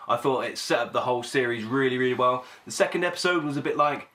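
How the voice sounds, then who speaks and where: A man's voice: medium pitch, quick pace, sharp tone. A man hosting a casual podcast chat, rambling with many fillers and restarts. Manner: rambling, hesitant, lots of fillers. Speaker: podcast host.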